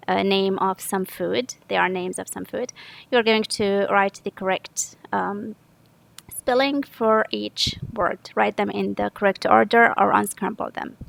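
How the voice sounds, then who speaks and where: A woman's voice: mid-range voice, creaky, slight background noise, rough recording. A woman teacher from Saudi Arabia patiently walking through an English grammar lesson step by step, often correcting herself. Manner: patient, step-by-step explaining with frequent self-corrections.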